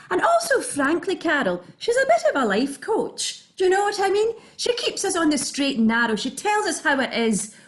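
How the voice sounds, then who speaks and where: A cheeky Scottish chat-show co-host who drops teasing innuendo with a slow, unhurried delivery. Her voice is high and swoops about. It comes through a video call. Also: fairly bright tone, full character voice. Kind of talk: comic chat-show banter.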